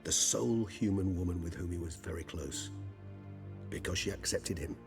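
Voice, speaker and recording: A wise, courtly male vampire from a video game, choosing every word with formal care. His voice is very deep. Loud game music plays under his lines. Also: gravelly. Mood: grave. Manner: formal, articulate and measured.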